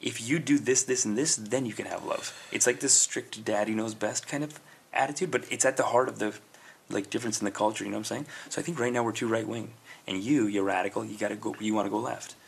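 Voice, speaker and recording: Fast-talking husky man on a podcast. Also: on the low side, steady tone. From Canada. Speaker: podcast co-host. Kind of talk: casual chat.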